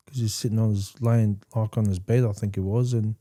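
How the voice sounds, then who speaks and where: Dark-voiced man telling his story. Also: on the low side, flat delivery. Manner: halting, with frequent restarts; candid and plainspoken. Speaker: podcast host. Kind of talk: personal storytelling.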